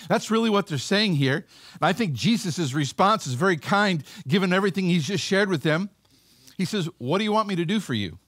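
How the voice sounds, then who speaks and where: A man's voice: high-pitched, lively intonation, brisk, fairly bright tone, no room sound, clean studio sound. A male pastor giving a sermon in a conversational way, acting out the voices of the people in a Bible story.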